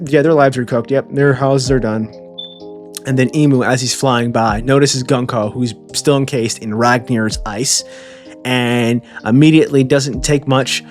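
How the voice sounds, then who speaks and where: A man casually reacting to a comic chapter, rambling and joking with profanity and stammering repeats. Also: mid-range voice. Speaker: manga chapter reviewer.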